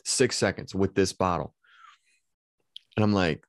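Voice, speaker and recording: A male podcast host telling a story in casual chat, animated and laughing often, restarting his sentences as he goes. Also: low-pitched, moderate pace, pauses often, no echo, clean studio sound.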